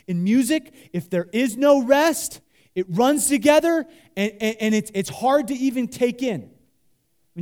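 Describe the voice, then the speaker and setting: High-voiced, animated male preacher. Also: unhurried. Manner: animated preaching, leads the congregation in call-and-response; talks loosely with many fillers and restarts. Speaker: pastor. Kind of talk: sermon.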